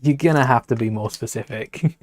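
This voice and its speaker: A man's voice: mid-range voice, moderate pace, dry recording. A man talking casually to a live stream as he builds with LEGO, rambling, muttering to himself and greeting viewers in chat.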